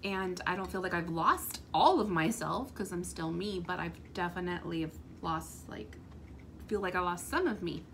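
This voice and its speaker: A woman's voice: on the low side, normal speed, fairly bright tone, slight background noise. A woman in her thirties co-hosting a casual chat, talking in a chatty, earnest and cheerful way. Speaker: co-host.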